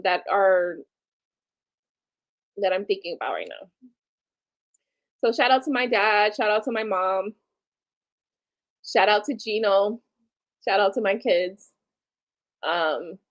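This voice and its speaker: A woman in her late thirties hosting a casual live stream, talking bluntly and candidly with casual swearing. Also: medium pitch. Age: late 30s. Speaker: livestream host.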